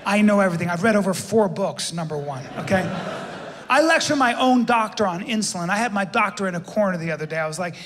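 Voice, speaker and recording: A man telling a stand-up story in a cocky, self-mocking way, with animated voices for the people in it. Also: high-pitched, fast, long reverb tail. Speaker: stand-up comedian.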